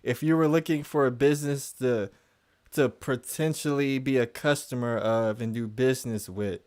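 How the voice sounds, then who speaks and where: A man hosting a live call-in debate, reading online reviews aloud in a measured, steady way. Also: mid-range voice. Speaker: host.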